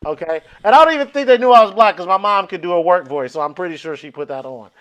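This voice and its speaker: A man with a high-pitched voice spins a long comic story in a casual chat. He acts out every quote with lively voices and swears freely as he goes. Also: quick pace. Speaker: comedian guest. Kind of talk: storytelling on a comedy podcast.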